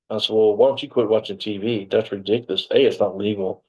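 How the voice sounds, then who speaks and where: A middle-aged man who used to be a sheriff's deputy talks quickly with few pauses in a lowish voice, and the audio is poor. In a casual interview he rambles through past events, animatedly acting out who said what.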